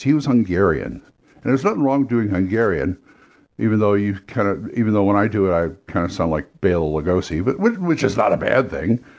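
A man's voice: on the low side, a little mellow. A man who runs role-playing games gives casual, rambling advice on doing voices and accents, often restarting his sentences. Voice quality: rambling, with restarts and quick demos of impressions and accents. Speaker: game master.

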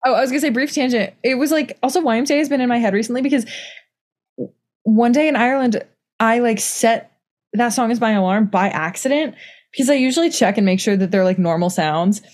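A woman's voice: a little high, quick pace, a little mellow. A young woman co-hosting a casual book chat, rambling with many "like" fillers and restarts. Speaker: podcast co-host.

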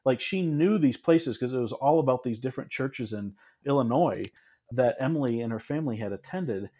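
A man in his thirties from Michigan, a podcast guest telling his story in a relaxed, reflective way, with frequent restarts and asides. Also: mid-range voice, normal speed. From Michigan, USA. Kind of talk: casual storytelling in an interview.

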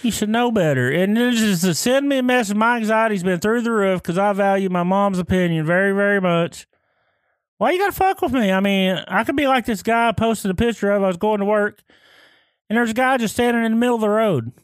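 A man in his thirties with a notably high voice, co-hosting a podcast and telling crude, animated stories. He swears freely and talks in an offhand way. The recording is dry and close, with no room echo. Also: brisk, smooth. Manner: profane, animated anecdotes. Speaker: podcast co-host. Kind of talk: casual podcast chat.

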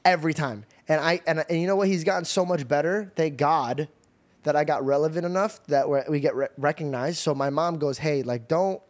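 A young man hosting a podcast, telling a story in lively casual chat, often laughing and restarting sentences. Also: on the high side, a little fast. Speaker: podcast host.

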